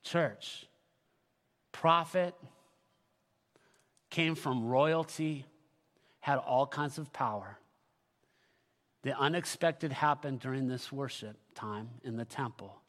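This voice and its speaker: A man preaching a sermon as pastor, moving between loud proclamation and quiet, personal talk with the congregation. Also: medium pitch, slow pace, long pauses, long reverb tail. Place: church sanctuary.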